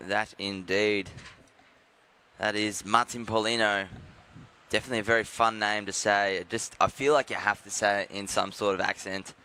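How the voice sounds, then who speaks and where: A man calls a live surf heat in a bright, smooth voice. He keeps it loose, joking at his own expense between the scores. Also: lowish voice, a little fast, hardly any pauses. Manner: jokey, self-deprecating, relaxed. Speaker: surf commentator. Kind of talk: live sports commentary.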